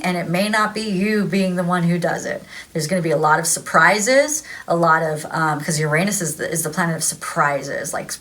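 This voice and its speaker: A woman's voice: fairly low pitch, bright, forceful tone, slight background noise. A woman giving a casual tarot energy reading, rambling, repeating herself and laughing often. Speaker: tarot reader.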